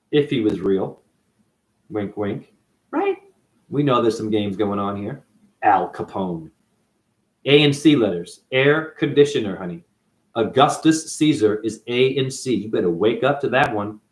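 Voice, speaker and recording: Lively, swearing man ranting to camera. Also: fairly low pitch, unhurried, pauses often. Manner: animated, profane, calls listeners "honey". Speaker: video monologue host. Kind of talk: rambling spiritual monologue.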